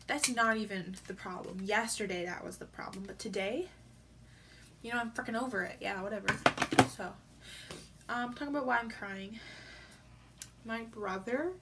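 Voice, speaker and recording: A woman's voice: a little high, a little slow, pauses often, fairly bright tone, a little hiss or hum. A teenage girl talking casually on her vlog, rambling with lots of fillers and sounding teary after crying. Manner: rambling, filler-heavy storytelling. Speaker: vlogger.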